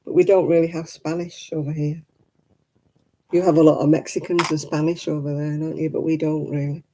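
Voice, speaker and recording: A woman's voice: sits low, little pitch movement, a little fast, dark tone, low-quality recording. A middle-aged woman, hosting a casual craft livestream, chatty and candid with frequent laughs. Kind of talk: casual live chat while knitting.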